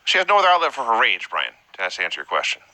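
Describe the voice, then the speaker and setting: A man co-hosting a casual podcast who keeps throwing in jokes. His voice is very bright and forward, recorded dry and close. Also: medium pitch, wildly swooping pitch, no room sound, rough recording. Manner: joking, quick with wisecracks. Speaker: podcast co-host. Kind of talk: casual chat.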